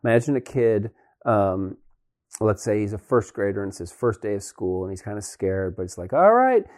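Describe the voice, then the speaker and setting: A man's voice: fairly low pitch, flat delivery, normal speed, darkish tone. A man hosting a conversation, earnestly explaining his point with an example and many casual fillers. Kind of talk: conversational talk.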